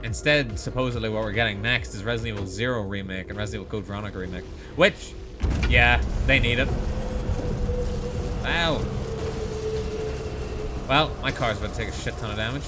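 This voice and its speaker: A man's voice: lowish voice, fairly quick, long pauses, music in the background. A man streaming a video game live, chatting sarcastically and mocking himself with dramatic outbursts. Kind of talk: live gaming commentary.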